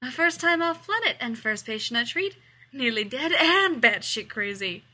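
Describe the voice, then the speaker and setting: A woman voicing a grumpy male doctor with a Southern US accent, gruff and scolding. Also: on the high side, quick pace, pushed and bright.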